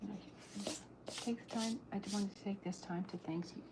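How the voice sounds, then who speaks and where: A woman streaming herself drawing comic strips, soft-spoken and musing aloud, sometimes dropping into a whisper. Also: mid-range voice, fairly even intonation, normal speed. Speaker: streaming cartoonist. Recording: noisy background hiss.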